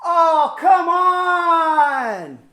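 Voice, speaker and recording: A boisterous, pushy young man calls out from across the room, high and loud, coaxing everyone along, as a woman puts him on. His voice is eager and teasing, like a friend who never lets a party end. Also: animated, moderate pace. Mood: cheering.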